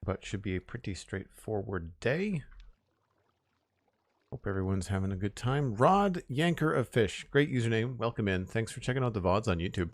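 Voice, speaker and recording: A deep-voiced man talking casually to his stream chat as he plays, relaxed and chatty. The sound is close and dry, with no room around it. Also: normal speed, no echo. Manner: relaxed, chatty, talks to chat while building. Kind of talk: casual live-stream chat while playing.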